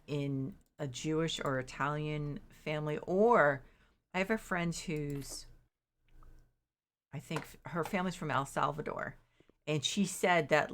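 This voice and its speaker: Low-voiced woman chatting casually on stream. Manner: rambling, self-interrupting, quotes herself in exaggerated disbelief. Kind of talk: casual chat while gaming.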